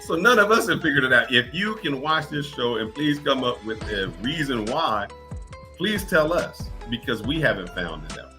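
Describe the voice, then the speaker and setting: A man hosts a live stream and reads viewer comments aloud with a wry, amused delivery. His voice is bright and sharp, with faint music in the background. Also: medium pitch, animated, normal speed. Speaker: host reading viewer comments. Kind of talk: casual live-stream chat.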